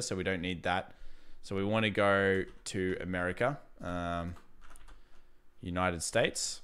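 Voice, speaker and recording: A man's voice: on the low side, fairly bright tone, smooth. A man, hosting a live stream and chatting casually through market commentary while reading viewer messages. He laughs easily and thinks aloud, restarting his sentences as he goes. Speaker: livestream host.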